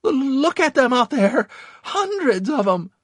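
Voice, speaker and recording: A man's voice: very high-pitched, very animated, a little slow, fairly bright tone, no echo, pitched above the performer's own voice, full character voice. A man voicing a panicking young male Marine who has just been wounded, shrieking and stammering in terror. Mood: panicked shrieking.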